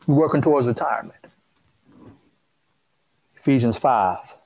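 A man's voice: mid-range voice, animated, unhurried, vocal fry, darkish tone, low-quality recording. A man preaching a sermon who cuts in on the scripture reading with questions and repeats his phrases in a loose, informal way.

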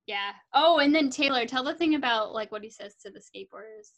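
Young woman, from California, bubbly, casual podcast chat, bright tone, highish voice. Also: animated, fairly quick, gravelly, rough recording. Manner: bubbly, acts out characters' lines with big jumps up in pitch. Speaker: podcast co-host. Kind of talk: casual chat recapping a movie.

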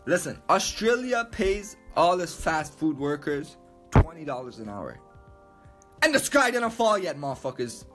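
High-pitched man ranting with heavy swearing. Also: sing-song, a little slow, faint music behind. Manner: loud, emphatic, profane, repeats himself. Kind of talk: profane rant to camera.

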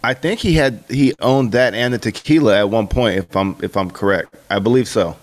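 A man co-hosting a podcast, chatting in a relaxed, slangy way and often saying bro and dude. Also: fairly low pitch, moderate pace. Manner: laid-back, slangy, says bro and dude a lot. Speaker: podcast co-host. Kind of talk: casual chat.

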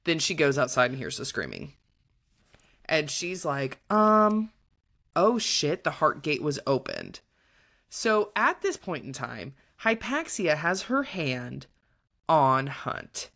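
A woman's voice: sits low, huge pitch swings, slow, creaky, fairly bright tone. A young adult woman co-hosting a casual book-review podcast, retelling the plot with animation and acting out the characters' lines. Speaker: podcast co-host.

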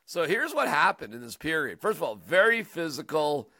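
A man hosting a sports talk show, chatting casually and joking around in an animated, rambling way. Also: fairly high pitch, moderate pace, no room sound, studio quality. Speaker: sports radio host.

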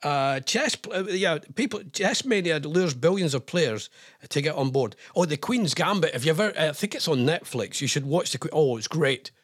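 A man's voice: fairly high pitch, lively intonation, normal speed. A man, a radio presenter reading out news items in casual chat, rambling with jokey asides.

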